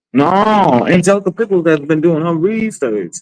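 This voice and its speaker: A woman's voice: fairly low pitch, very animated, normal speed, hardly any pauses, darkish tone, poor audio. A woman in her forties hosting a livestream, chatting casually with blunt, profane, dramatic storytelling. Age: 40s. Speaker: livestream host.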